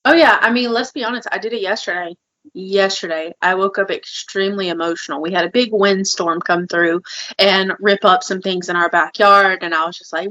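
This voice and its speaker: Bright-voiced woman, earnest and open. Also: medium pitch, steady tone, normal speed, lo-fi sound. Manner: earnest and openly emotional. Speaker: podcast co-host. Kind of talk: casual conversational chat.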